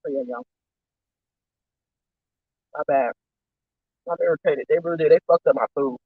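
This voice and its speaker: A man's voice: fairly high pitch, fast, slightly rough, no echo. A man rambling and venting in casual, profane chat on a live stream while eating, with a dull, muffled lo-fi recording.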